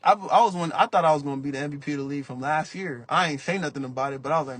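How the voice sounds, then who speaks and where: A man's voice: on the high side, very fast, hardly any pauses. A young man talking casually as a podcast guest, telling stories in laid-back slang and acting out what people said. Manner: animated storytelling, acts out quotes. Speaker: podcast guest, basketball player. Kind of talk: casual interview talk.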